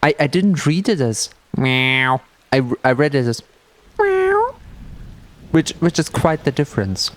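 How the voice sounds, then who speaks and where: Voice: medium pitch, moderate pace. A streamer chatting casually and playfully during a gameplay livestream. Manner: playful and animated, with silly meowing bits.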